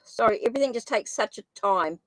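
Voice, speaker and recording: Female tarot streamer, higher voice, dry close sound, scattered and apologetic. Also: lively intonation, fast talker, no echo, poor audio. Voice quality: says she has a funny accent. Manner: flustered, apologetic, thinks aloud while typing names. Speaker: tarot reader hosting a live stream. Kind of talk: casual live-stream chat.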